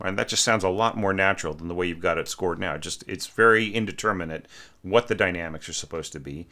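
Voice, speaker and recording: A man's voice: sits low, quick pace, bright, forceful tone. A man teaching orchestration, talking through a student's score and singing the phrases aloud on "da" syllables, often checking in with "right?". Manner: frequent rhetorical "right?" checks. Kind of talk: spoken critique of a score.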